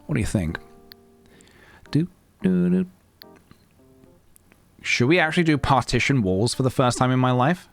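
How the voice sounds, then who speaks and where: A man's voice: medium pitch, expressive, quick pace, hardly any pauses, a bit bright. A young man chatting playfully and rambling while live-streaming a game, breaking into sing-song noises. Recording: faint guitar music behind.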